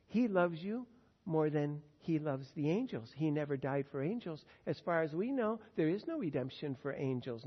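A man's voice: on the high side, slightly rough. Older male preacher in a reverberant hall. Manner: earnest, swelling to loud emphasis on key words. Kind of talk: sermon. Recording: dull long-reverb hall sound.

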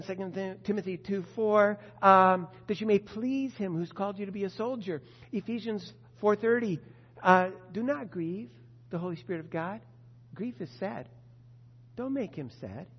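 A man preaching a sermon, swinging between loud emphasis and quiet asides. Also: high-pitched, breathy edge. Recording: dull audio with long hall reverb.

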